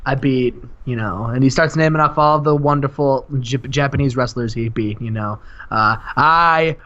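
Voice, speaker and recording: Animated, bright-voiced storyteller on a lo-fi mic. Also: male voice, mid-range voice, normal speed. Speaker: guest co-host. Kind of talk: casual narration of a wrestling sim game.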